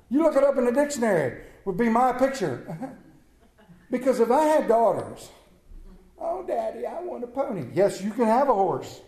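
A man's voice: very high voice, darkish tone, echoey room. A middle-aged man preaching a humorous sermon to a congregation, telling family stories with jokes and asides. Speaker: pastor. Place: church sanctuary.

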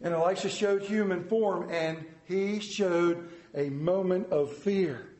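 A man's voice: high-pitched, slow pace, darkish tone, roomy sound. A man delivering an interactive sermon in a casual, conversational way, asking his listeners questions. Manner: conversational, asks the congregation questions. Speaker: preacher.

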